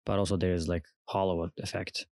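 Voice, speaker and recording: Deep-voiced man from Turkey, halting chat. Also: vocal fry, dry recording. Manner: relaxed, halting, with many fillers and restarts. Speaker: podcast co-host. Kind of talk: casual chat.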